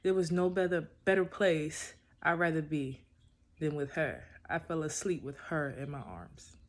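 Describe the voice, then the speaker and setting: A man's voice: on the high side, measured pace. A young man casually telling a personal love story in a laid-back way, full of little verbal fillers. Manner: laid-back, peppered with "you know".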